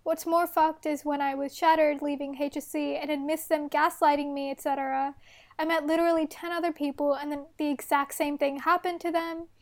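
A woman's voice: sits high, flat delivery, brisk. A young woman from Australia co-hosting a podcast, chatting candidly and swearing freely. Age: young adult. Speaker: podcast co-host. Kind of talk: casual chat.

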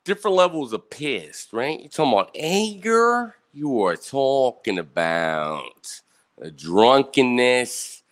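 A man's voice: mid-range voice, sing-song, takes it slowly, fairly bright tone. Swearing man ranting on a livestream. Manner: swears constantly, asks "right?" after each point. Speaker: host of a live online show. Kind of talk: angry profane livestream rant. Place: indoor room with bright light and a fan.

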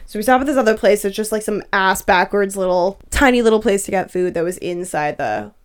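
A young woman tells a story in casual chat, swearing freely and breaking into laughter. Her voice sits in the middle of the pitch range, and her telling is loose and animated. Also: brisk, clear, resonant tone.

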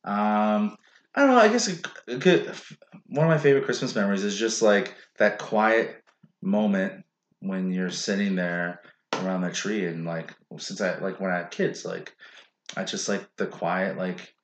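A man's voice: on the low side, measured pace, dull audio. A man hosting a podcast in loose, rambling chat, swearing freely and leaning on "like". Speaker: podcast host and comedian. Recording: roomy echo.

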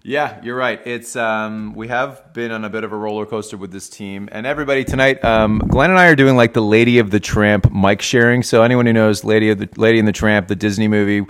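A man's voice: fairly low pitch, steady tone, a little fast, few pauses, fairly bright tone, clean tone. A Canadian man hosting a casual podcast, joking and teasing his co-host.

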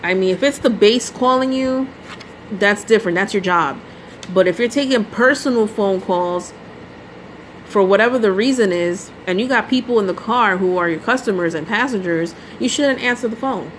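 A woman hosts her own podcast and rants casually about her experiences, filling her speech with "you know" and "like" and dropping in the odd swear word. Her voice sits in an ordinary middle pitch. A faint hum runs in the background. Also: moderate pace, poor audio. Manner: exasperated ranting storytelling, full of "you know" and "like"; mild swearing. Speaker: podcast host. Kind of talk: casual solo podcast monologue.

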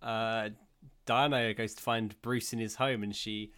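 A man's voice: fairly low pitch, fairly even intonation, a little slow, a bit bright, clean tone. Easygoing man who laughs often. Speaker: podcast co-host. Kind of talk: casual film commentary chat.

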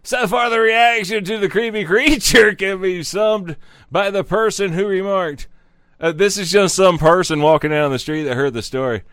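A man's voice: sits high, moderate pace, fairly bright tone, clear, resonant tone, no echo. A man hosting a comedy talk show, reading out strange news stories and riffing on them with profane asides. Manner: profane, riffing asides between read-out headlines.

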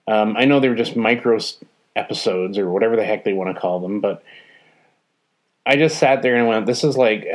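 Hesitant low-voiced man reviewing a show. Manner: hesitant, many ums and restarts; frank, mildly exasperated. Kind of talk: casual spoken review.

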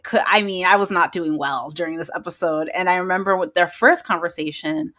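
A woman hosting a podcast in casual chat, excitable and gushing, laughing often. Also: lowish voice, fairly quick. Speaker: podcast host.

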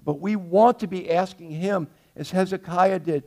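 An older man preaching a sermon, earnest, moving between loud pleading and soft hushed passages. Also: sits high, moderate pace. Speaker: pastor.

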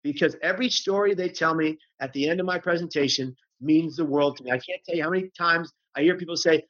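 A man's voice: on the high side, quick pace, hardly any pauses, a bit bright. A man speaking as a guest on mental health, earnest and emphatic, repeating phrases for effect. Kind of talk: passionate conversational storytelling. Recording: dull lo-fi audio.

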